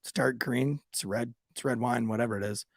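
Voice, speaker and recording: A man, a former police officer, co-hosting a podcast and telling profane, animated stories in casual chat. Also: mid-range voice, fairly quick, vocal fry, no room sound, clean studio sound.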